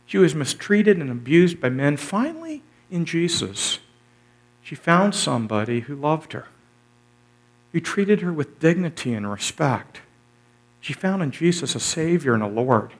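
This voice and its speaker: A male pastor preaches a sermon, retelling scripture with real enthusiasm. He repeats phrases for effect, his volume surging and falling, and his fairly high voice swings widely in pitch at a slightly slow pace.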